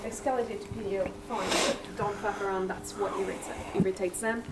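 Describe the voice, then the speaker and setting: A woman's voice: medium pitch, steady tone, a little fast. A woman who manages a sales team, speaking in a firm, direct way as she gives her team's rules. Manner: firm and direct, giving instructions. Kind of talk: casual discussion. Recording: distant mic with clear background noise.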